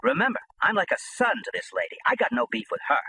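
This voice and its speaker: A man reads a gritty first-person memoir aloud as an audiobook. His voice sits fairly high and bright, swinging widely in pitch as he tells the story with a tough, lively edge. A faint hiss lies under the reading. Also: quick pace, poor audio. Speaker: audiobook narrator.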